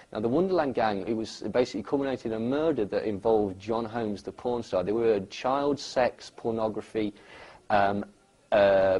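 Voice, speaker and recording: A man's voice: lowish voice, a little mellow, slightly rough, poor audio. A man talking at length in a rambling, hedging way, full of fillers and restarts, as a guest in a casual discussion. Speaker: guest speaker.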